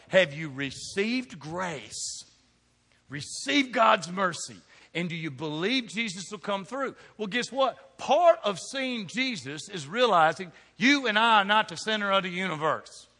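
A middle-aged male pastor, preaching a sermon to a congregation with humorous stories and quick restarts. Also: high-pitched. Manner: animated storytelling with humor and rapid restarts. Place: church sanctuary before a congregation. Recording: long reverb of a large hall.

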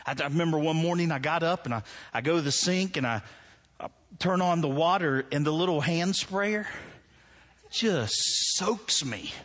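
A man in his forties preaching a sermon in a church, telling stories and acting out his own anger in loud bursts. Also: a little high, normal speed. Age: 40s. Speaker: pastor.

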